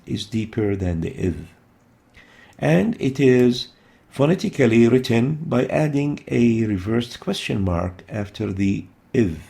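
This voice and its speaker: A man teaching pronunciation in a lesson, explaining each sound slowly and repeating it in drills. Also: mid-range voice, gravelly, mellow.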